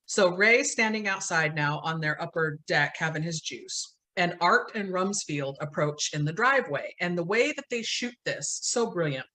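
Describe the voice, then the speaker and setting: A woman's voice: on the low side, fairly bright tone. A woman podcast host casually recounting a film scene by scene, laughing often. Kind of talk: casual movie recap chat.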